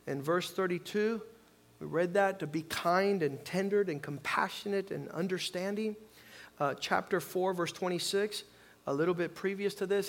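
A man preaching a sermon as pastor, calling on the congregation to repeat lines and swinging from quiet reflection to loud emphasis. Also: high-pitched, vocal fry. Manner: preaching with call-and-response, swings from soft to loud.

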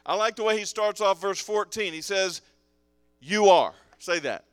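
A pastor preaches to his congregation in a smooth, clear voice that sits a little high for a man. He pulls the room in with call-and-response and light joking asides. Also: moderate pace, fairly bright tone, no echo. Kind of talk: sermon. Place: church sanctuary with congregation.

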